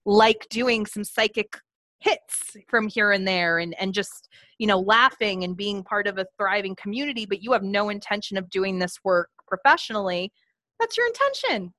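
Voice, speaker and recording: A woman's voice: mid-range voice, bright, forceful tone, no room sound. A woman co-hosting a casual conversation about psychic development, candid, laughing often and swearing freely. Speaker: podcast co-host, psychic medium teacher. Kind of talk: casual chat.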